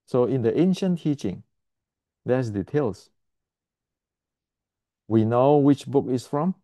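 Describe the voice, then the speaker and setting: Man teaching martial arts, blunt and emphatic, repeats himself, clears his throat, warm dark tone, dry close sound. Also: medium pitch, animated, slow pace, no echo. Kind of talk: explanatory lesson to camera.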